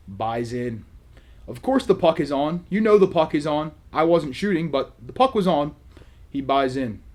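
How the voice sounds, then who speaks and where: A man hosting a vlog, telling a casual story in a sarcastic, animated way. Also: a little high. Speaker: vlog host.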